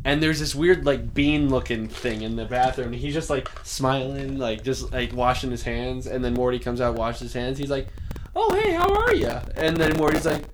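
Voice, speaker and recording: A man's voice: mid-range voice, steady tone, moderate pace, few pauses, slight background noise. A young man in casual chat with friends, rambling and swearing as he retells a cartoon scene. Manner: rambling, lots of fillers and restarts, swearing. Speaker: friend in conversation.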